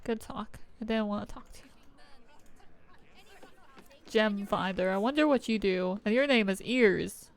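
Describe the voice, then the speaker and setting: A woman's voice: mid-range voice, unhurried, pauses often. A woman streaming a game, chatting casually, giggling and swearing as she reacts. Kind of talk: casual let's-play commentary.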